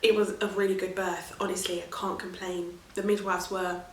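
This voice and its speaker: A woman vlogging her birth story in a chatty, animated way, often laughing. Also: fairly low pitch, normal speed, slight background noise. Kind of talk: casual storytelling to camera. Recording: roomy echo.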